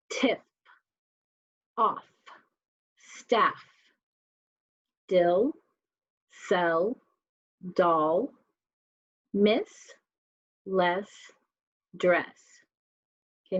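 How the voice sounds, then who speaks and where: A woman's voice: mid-range voice, no room sound, dull audio. A woman teacher giving a spelling lesson to children, reading words aloud one by one and asking the class questions. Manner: slow, clear word-by-word reading with questions to students.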